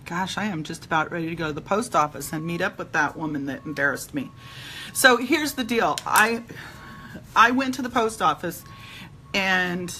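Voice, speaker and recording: A woman's voice: medium pitch, sharp tone, a little hiss or hum. A middle-aged woman chatting casually while doing her makeup, retelling an everyday run-in with quoted back-and-forth dialogue. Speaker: vlogger.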